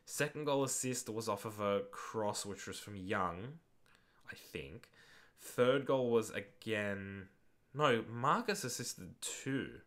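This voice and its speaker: A man's voice: on the low side, lively intonation, slow, a bit bright. Tired, rambling young man. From Australia. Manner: rambling, swears casually. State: tired, late at night. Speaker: livestreamer hosting a football watch-along. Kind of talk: casual stream chat, reading viewer questions.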